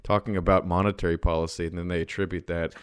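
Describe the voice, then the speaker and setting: A man in a casual podcast discussion, talking in a measured way and stumbling over his starts. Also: low-pitched, flat delivery, clean tone, no room sound, clean studio sound.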